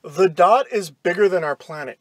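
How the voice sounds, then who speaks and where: A man co-hosting a casual movie review podcast, blunt and quick to complain. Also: high voice, no echo. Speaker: podcast co-host.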